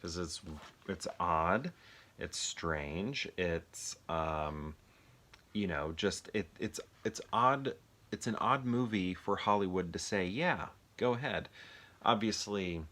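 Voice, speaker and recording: Low-voiced American man musing casually. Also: slow pace, bright, forceful tone. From United States. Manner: rambling, thinking aloud, asks the viewers questions. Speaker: movie collector reviewing films. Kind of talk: casual solo video chat.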